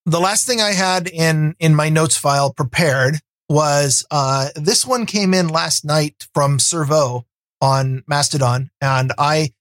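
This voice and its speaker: A man's voice: fairly high pitch, takes it slowly, a bit bright, no room sound. A man co-hosting a casual tech podcast, with dry, teasing, grumpy banter. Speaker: podcast co-host.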